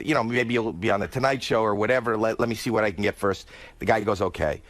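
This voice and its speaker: A male comedian telling a comic story, dropping his voice low for quoted lines and squealing when excited. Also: dry recording. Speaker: guest comedian.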